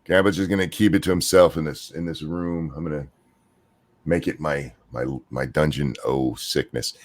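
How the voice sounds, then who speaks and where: Deep-voiced older man with a chest cold. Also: steady tone, normal speed. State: sick with a chest cold, trouble talking. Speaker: podcast host. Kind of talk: casual live-stream chat.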